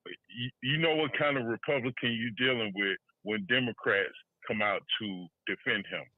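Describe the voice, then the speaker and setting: A man co-hosting a podcast, chatting casually about politics with loose, halting restarts and laughs. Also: medium pitch, dry recording. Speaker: podcast co-host. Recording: tinny phone-line audio.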